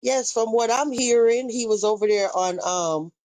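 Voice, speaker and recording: A woman's voice: on the high side, moderate pace, darkish tone, no room sound, poor audio. A young woman, chatting casually on a live stream, reacting to viewer comments and retelling gossip. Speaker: livestream host.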